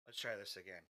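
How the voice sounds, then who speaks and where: A man's voice: low voice, bright, forceful tone, dry recording. A man co-hosting a podcast, reading a playful, hammy intro that he keeps restarting. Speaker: podcast co-host. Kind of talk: playful show intro, then casual chat.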